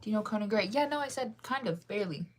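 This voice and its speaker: With a medium-pitched voice, this livestream host from the United States speaks animatedly at a quick pace. She's drowsy and yawning yet giggly, chatting loosely and wandering from topic to topic as she responds to comments from viewers.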